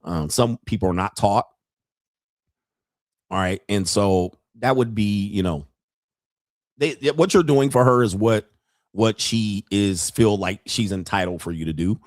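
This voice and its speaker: A man's voice: lowish voice, no echo, clean studio sound. A man hosting a podcast who talks in loose, profane, comedic commentary, laughs often and acts out street exchanges. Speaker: podcast host.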